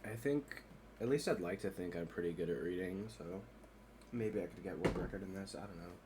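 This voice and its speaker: A man speedrunning a script read-aloud, rattling through the lines in a rushed, flat delivery. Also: sits low, background noise. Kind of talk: rapid-fire script reading.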